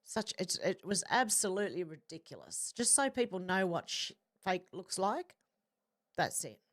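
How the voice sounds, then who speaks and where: A woman hosting a livestream, reading out viewer comments in casual chat with quick, chatty asides. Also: lowish voice, very animated. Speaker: livestream host.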